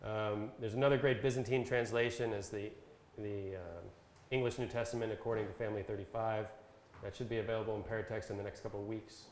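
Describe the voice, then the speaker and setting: A man presenting a Bible translation workshop, explaining step by step in a casual instructional style with fillers, and reading verses slowly. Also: on the low side, fairly even intonation, darkish tone, slight background noise. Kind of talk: casual instructional talk with screen demo. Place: talk given at a camp session. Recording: echoey room sound.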